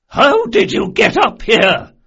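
A man's voice: on the high side, very animated, slow, slightly rough, pitched above the performer's own voice, heavily acted. Man voicing an imperious old noblewoman. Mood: cold, indignant. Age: older. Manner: cold, commanding, sharp. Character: aged imperious noblewoman spymaster. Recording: dull lo-fi audiobook recording.

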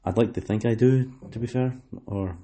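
Hosting a laid-back podcast conversation, this man from West Lothian in Scotland speaks in a mellow, medium-pitched voice at a moderate pace. His speech wanders, full of fillers and false starts.

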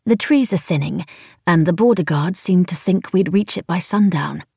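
A woman's voice: fairly low pitch, normal speed, vocal fry, darkish tone, breathy edge, no echo, studio quality, full character voice. A woman reading the lines of a curious young noblewoman traveller in a musing, fond tone, as an audiobook character.

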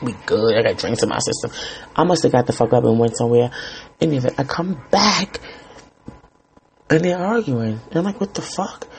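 A man's voice: mid-range voice, moderate pace, creaky, pauses often, a little mellow, slight background noise. A man hosting a podcast, telling a story in a rambling, profane, exasperated way. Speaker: podcast host. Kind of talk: casual storytelling rant.

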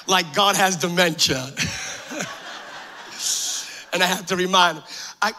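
A man preaching a sermon with passion, repeating phrases, joking in asides and building up to shouts. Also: high-pitched, takes it slowly, pauses often.

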